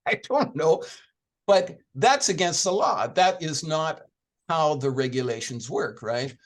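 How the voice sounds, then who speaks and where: Interview guest, man, somewhat high voice, relaxed anecdotal storyteller. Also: measured pace. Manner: chatty anecdotal storytelling, retelling conversations. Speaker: founder of an organization, interview guest. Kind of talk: conversational interview answer.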